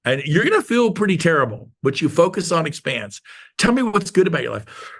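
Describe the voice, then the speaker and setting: A gravelly, fairly high-voiced man delivers a motivational talk to his team in a meeting room. He is emphatic and repeats his lines, drawing them out slowly when he wants a point to land. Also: very animated, fairly bright tone. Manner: emphatic and repetitive, slows down to stress points. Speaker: real estate team leader. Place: meeting room with a live audience.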